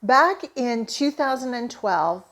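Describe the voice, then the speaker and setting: Speaking slowly in a slightly high, expressive voice with a fairly bright tone, a middle-aged woman from Canada recounts a personal story. She works as a holistic therapist and manifesting coach, and her telling is earnest and emotionally enthusiastic.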